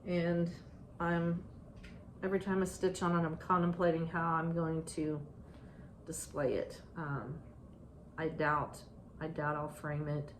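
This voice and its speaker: A woman chatting casually about her stitching projects, halting and restarting often with ums. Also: deep voice, little pitch movement. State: out of breath. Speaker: stitching vlogger. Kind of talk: casual show-and-tell chat. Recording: echoey room, faint ambient noise.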